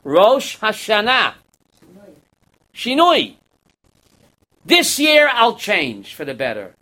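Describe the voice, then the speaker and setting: A man's voice: high voice, huge pitch swings, takes it slowly, pushed and bright. A man giving a Torah class as a rabbi, quizzing his students and acting out parables.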